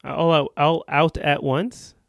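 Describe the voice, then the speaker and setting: A man's voice: fairly high pitch, flat delivery, unhurried, creaky, no room sound, studio quality. A young man co-hosting a podcast in casual chat, arguing his points with restarts and hedges. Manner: argumentative, talks in restarts and hedges. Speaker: podcast co-host.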